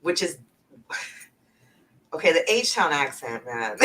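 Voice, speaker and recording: Bright-voiced Houston Texan livestreamer. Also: mid-range voice, big pitch swings, slow, far from the mic, low-quality recording. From north side of Houston, Texas. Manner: rambling, full of 'like', swears freely, laughs often. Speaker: livestreamer and travel agent. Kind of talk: casual livestream chat. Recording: voice a little off-mic.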